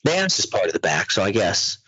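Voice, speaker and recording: A male podcast host talks in a loose, swearing, storytelling way, his pitch swinging widely from line to line. His voice has a husky edge. The audio is dry and a bit dull. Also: big pitch swings, brisk, sharp tone, no room sound. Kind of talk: casual profane chat.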